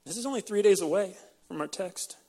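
A man's voice: high voice, brisk, warm tone. A man preaching a sermon with passion, emotional and choked up, often repeating words as he presses a point. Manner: impassioned, emotional, repeats words when stirred. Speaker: pastor.

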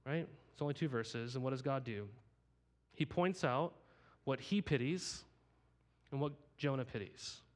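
A man's voice: mid-range voice, unhurried, long pauses. A man in his thirties teaching a conversational sermon, often asking the audience rhetorical questions. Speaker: pastor.

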